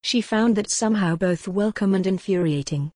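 Woman narrating a dark gothic novel. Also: mid-range voice, no echo, studio quality. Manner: measured, dramatic storytelling. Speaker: audiobook narrator. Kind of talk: scripted narration.

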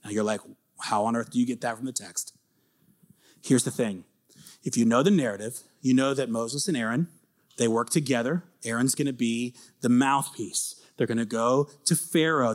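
A man preaching a sermon, retelling scripture as animated, dramatic storytelling that climbs toward near-shouting. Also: medium pitch, normal speed.

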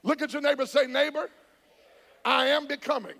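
A man preaching a charismatic sermon, shouting and calling on the congregation to answer back. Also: extremely high pitch, steady tone, normal speed, creaky. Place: church sanctuary. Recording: church hall with long reverb.

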